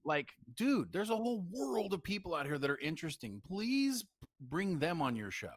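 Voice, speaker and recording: A man's voice: high voice, sing-song, breathy edge, no room sound, studio quality. A man co-hosting a casual podcast livestream, trading jokes and banter. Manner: joking banter, quick laughs. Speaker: podcast co-host.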